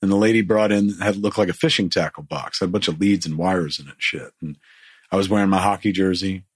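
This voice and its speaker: A man with a fairly low, husky voice tells a long, rambling story, swearing freely and slipping into the voices of the people he quotes. The sound is dry and close to the mic. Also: quick pace, dry recording. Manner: profane, rambling, acts out quotes. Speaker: guest telling a story. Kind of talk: casual storytelling.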